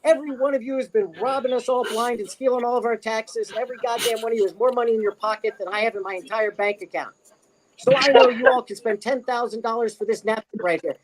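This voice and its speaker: A man impersonating a famous comedian who loudly heckles and mocks wealthy donors at a charity auction. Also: high-pitched, normal speed, voice pushed up, natural voice, low-quality recording. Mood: brash heckling. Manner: loud, brash and mocking, heckling a crowd. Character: profane comedian bullying rich donors at an auction.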